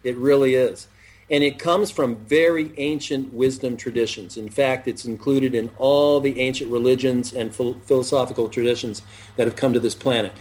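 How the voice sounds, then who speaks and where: Middle-aged male self-help host, husky, preachy, drags out key phrases for emphasis. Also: mid-range voice, steady tone, moderate pace, darkish tone. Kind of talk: motivational talk-show chat.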